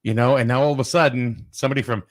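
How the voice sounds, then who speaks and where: A man hosting a casual local talk show, telling an animated story and repeating "I said" as he goes. He is from Eastern Connecticut. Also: mid-range voice, rapid-fire. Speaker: host.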